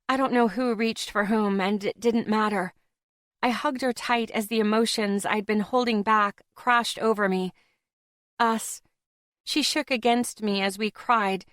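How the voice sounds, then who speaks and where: A woman reads a first-person audiobook, mid-pitched and steady, with expressive delivery. The sound is dry and close to the microphone. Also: no room sound. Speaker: audiobook narrator.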